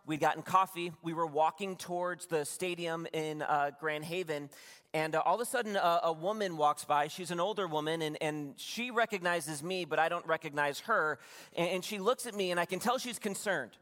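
A man's voice: on the high side, normal speed, sharp tone. A man preaching a sermon as a pastor, telling a personal story in a conversational, confiding way with asides to the congregation. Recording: long reverb from a large room.

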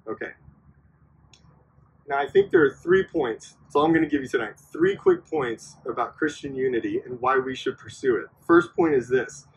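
A man's voice: mid-range voice, breathy edge, poor audio. A man giving a casual, conversational sermon to a youth group, often checking in with his listeners by asking "right?". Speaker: youth minister. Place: church backyard outdoors.

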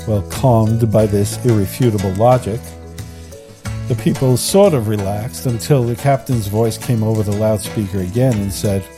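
An older man hosting a podcast on holistic education, speaking in a thoughtful, measured way with slight hesitations and telling stories. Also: on the low side, over music. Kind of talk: reflective podcast conversation and storytelling.

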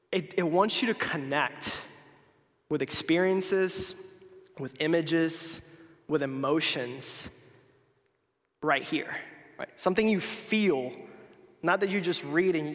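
This young man's voice is a little high and a bit bright, expressive and slow with frequent pauses. He gives a casual youth sermon, chatty and stumbling through restarts and fillers while poking fun at his slips, recorded with long hall reverb.

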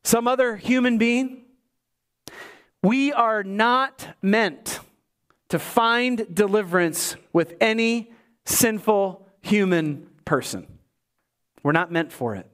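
A man preaching a sermon in church, swinging between emphatic highs and low asides, with joking remarks to the congregation. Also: lively intonation, takes it slowly, long pauses, a bit bright. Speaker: pastor.

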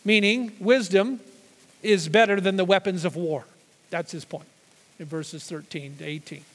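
A man's voice: high voice, moderate pace, a bit bright, big-room sound. A man preaching a sermon, explaining scripture verse by verse, restarting phrases and pressing on key words. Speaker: pastor.

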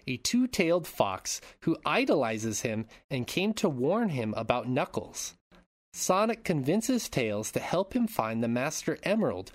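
On a laid-back movie recap podcast, the host reads out plot summaries and throws in crude jokes. He has a mid-range voice, and the recording is dry.

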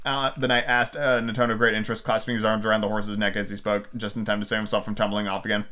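A man's voice: fairly low pitch, level tone, very fast, hardly any pauses, pushed and bright. A man casually reading a book aloud as a podcast host, with fillers, slips and crude asides.

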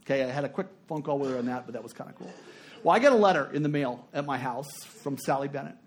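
A middle-aged man preaching a sermon, telling a story and swinging between hushed and emphatic delivery. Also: mid-range voice, lively intonation, fast, a little hiss or hum.

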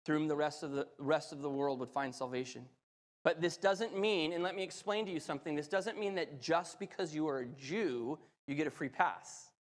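His sermon and scripture reading swell into fervent, excited storytelling, delivered by a man with a high, bright-pitched voice. A long reverb tail rings out behind him, as if in a large hall.

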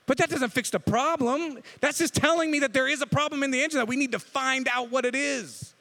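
A man's voice: very high-pitched, fairly quick, sharp tone. A man preaching a casual, joking sermon, often asking his listeners "right?" as he goes. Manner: conversational, jokey, asks the crowd "right?". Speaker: pastor.

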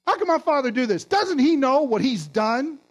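A man's voice: very high-pitched, very animated, normal speed, pitched above the performer's own voice. A man voicing a resentful older brother in a sermon retelling, indignant and complaining.

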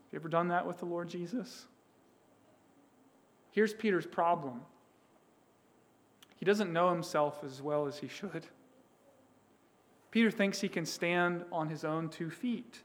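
High-voiced emphatic male preacher. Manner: emphatic preaching, voicing quoted figures. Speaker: pastor. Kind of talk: sermon.

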